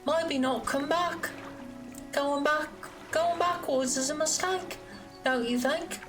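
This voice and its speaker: A woman's voice: high voice, takes it slowly, music in the background, pitched above the performer's own voice. A woman voicing a wistful young woman on a dock in a mock European accent that sounds like a little chimney sweep boy.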